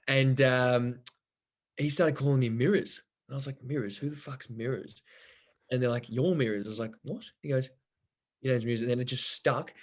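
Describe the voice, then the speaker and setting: A young man, a podcast guest telling rambling, sweary stories and laughing along as he goes. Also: mid-range voice. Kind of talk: casual storytelling chat.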